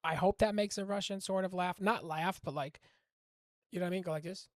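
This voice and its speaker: A man casually explaining his language-learning method to camera, rambling and animated, often cutting himself off mid-word. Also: sits high, a little fast, dry recording, studio quality. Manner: rambling, animated, self-interrupting, often acts out dialogue.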